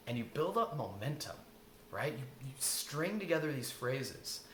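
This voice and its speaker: A man's voice: mid-range voice, sing-song, measured pace, a bit bright. Earnest, rambling man in an echoey room. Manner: earnest, rambling, with many restarts and fillers. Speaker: emotional eating coach. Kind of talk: casual spoken lesson. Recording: echoey room with faint ambient noise.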